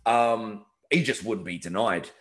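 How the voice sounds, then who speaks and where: A man co-hosting a podcast, casually recapping fight action in animated storytelling with swearing and acted-out lines. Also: lowish voice, unhurried. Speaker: podcast co-host.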